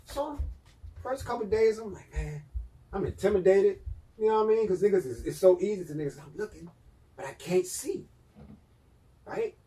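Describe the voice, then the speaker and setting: A man co-hosting a podcast in casual chat, telling an animated story that swings between loud and hushed. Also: high voice, fairly quick, recorded from a distance, poor audio. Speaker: podcast co-host.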